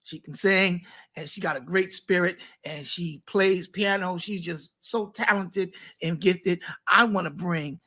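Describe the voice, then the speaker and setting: A man who is a pastor, hosting a casual talk show and warmly bringing guests to the stage. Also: high voice, a little slow, few pauses. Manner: lively, hypes up guests. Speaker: pastor and host.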